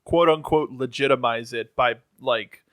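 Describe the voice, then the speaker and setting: A man's voice: mid-range voice, measured pace, fairly bright tone, smooth, dry recording, studio quality. A young man co-hosting a podcast, laid-back and casual, stressing words as he builds a point. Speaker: podcast co-host. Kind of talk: casual chat.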